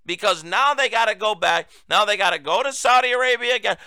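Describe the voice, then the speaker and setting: Sarcastic high-voiced talk-show man. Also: brisk, gravelly, clean tone, dry recording. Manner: sarcastic, combative, mocking; raises voice to near-shouting for emphasis. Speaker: host. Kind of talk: political commentary monologue.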